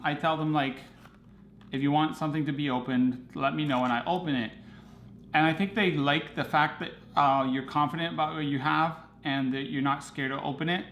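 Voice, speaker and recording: A man's voice: fairly high pitch, fairly bright tone, reverberant, a little hiss or hum. A man hosting a photography livestream, rambling casually as he answers viewer comments.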